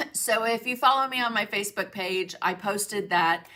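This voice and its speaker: A woman's voice: medium pitch, moderate pace, sharp tone. A middle-aged woman hosting a casual livestream from her home studio. She greets viewers by name and laughs often. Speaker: art journaling livestream host.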